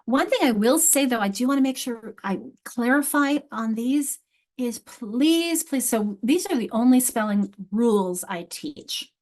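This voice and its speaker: A middle-aged literacy instructor, speaking at a fairly high pitch and moderate pace with a slightly mellow tone, guides teachers through a live online workshop. Using a video call mic, she explains with emphasis and repeats important words.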